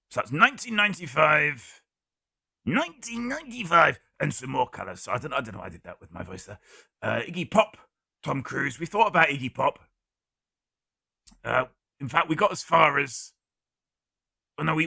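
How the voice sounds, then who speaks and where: Hosting a live-streamed guessing game, a man reads chat guesses aloud with wry, deadpan humor. His medium-pitched voice is gravelly and husky yet bright and piercing. The recording is dry and close, with no room sound around it.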